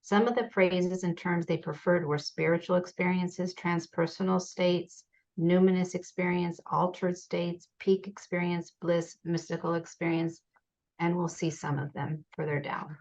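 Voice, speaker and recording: A woman giving a measured academic presentation over a video call, reading participants' quotes aloud. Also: lowish voice, fairly even intonation, a little mellow. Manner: measured, reads quotations aloud. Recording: dull lo-fi video call audio.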